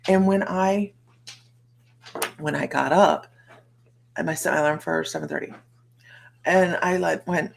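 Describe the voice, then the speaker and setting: A middle-aged American woman with a low voice and a lot of fry talks casually to her livestream viewers. She rambles and greets people by name as she goes. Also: measured pace, long pauses, a little hiss or hum. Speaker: psychic livestream host.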